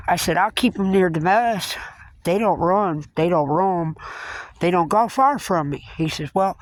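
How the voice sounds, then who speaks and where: A woman's voice: fairly low pitch, expressive, normal speed. A woman tells a story in a casual vlog. She is blunt and chatty and talks in a folksy, storytelling way. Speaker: vlogger.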